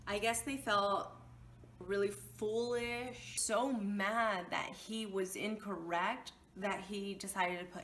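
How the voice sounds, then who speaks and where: A woman's voice: mid-range voice, pushed and bright, slight background noise. A young woman telling a storytime vlog, heated and emotional, swearing openly as she recounts what happened to her. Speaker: vlogger.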